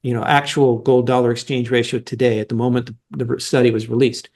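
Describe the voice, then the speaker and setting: A man's voice: mid-range voice, level tone, a little fast, a little mellow. A middle-aged man giving explanatory interview answers as a mining analyst, emphatic and argumentative, with frequent restarts.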